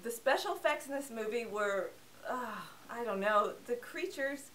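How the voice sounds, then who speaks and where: A woman's voice: on the high side, lively intonation, moderate pace, very noisy. Sarcastic young woman reviewing films. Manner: chatty and sarcastic. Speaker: film review host. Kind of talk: casual film review. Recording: voice a bit distant from the mic.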